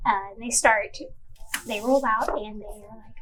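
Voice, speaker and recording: A woman narrating a tabletop role-playing game as game master, unhurried and descriptive with fillers. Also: a little high, fairly even intonation, fairly bright tone, soft background music, low-quality recording.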